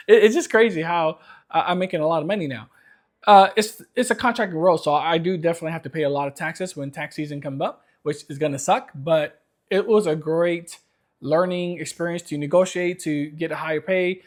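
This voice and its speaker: Upbeat guy in his 30s, kinda high voice, rambles and restarts a lot, casual vlog chat. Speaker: vlogger.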